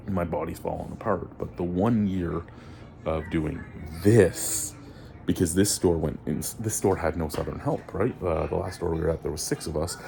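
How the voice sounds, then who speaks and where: Guy, deep and gravelly, dark tone, swearing rant vlog. Good for a fed-up working man. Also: normal speed, a little hiss or hum. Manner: ranting, swears freely, rising to near-shouting. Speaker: vlogger and store worker. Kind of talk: frustrated venting monologue.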